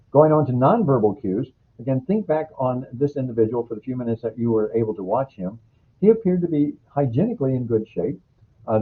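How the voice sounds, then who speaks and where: A man delivers a healthcare training lecture, walking his students through a case and recalling patients from earlier jobs. His voice has a husky, slightly rough edge, and his pitch sits in an ordinary middle range. The sound is thin and phone-like, as if heard over a narrow, lo-fi line. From United States. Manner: explanatory, uses clinical anecdotes. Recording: phone-like lo-fi recording.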